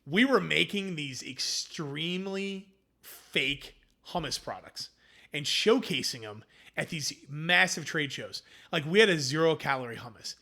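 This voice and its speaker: A man with a somewhat high, bright, forceful voice tells the story of his food business in a relaxed interview. He talks in an animated way and acts out what people said to him. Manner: animated, acts out quoted dialogue. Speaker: food company founder.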